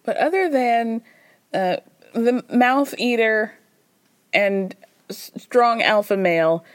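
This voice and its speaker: A woman's voice: fairly high pitch, expressive, takes it slowly, dry recording, clean studio sound. A woman hosting a podcast, recapping reality TV in a chatty, gossipy, wry way, with frequent laughter. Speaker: podcast host. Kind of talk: casual reality-TV recap chat.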